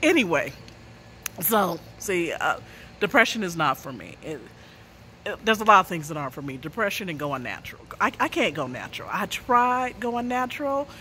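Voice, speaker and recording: A woman's voice: on the low side, big pitch swings, moderate pace, sharp tone, a little hiss or hum. A woman, an author, telling a story casually and laughing through her own words.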